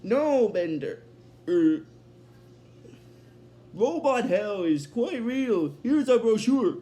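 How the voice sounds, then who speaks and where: A man imitating a theatrical male robot devil in a slow, drawn-out, grand voice. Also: sits high, very animated, dark tone, exaggerated voice. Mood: menacing.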